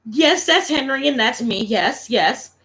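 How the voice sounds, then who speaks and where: Bright-voiced man telling a profane story. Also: very high-pitched, lively intonation, measured pace, rough recording. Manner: profane, laughing anecdote-teller. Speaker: streamer. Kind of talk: casual storytelling.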